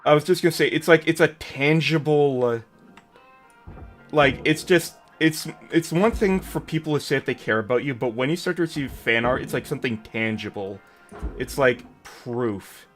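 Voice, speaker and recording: A man's voice: medium pitch, moderate pace, faint music behind. Rambling, jokey man streamer. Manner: rambling, jokey, self-deprecating. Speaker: streamer host. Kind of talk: casual chat.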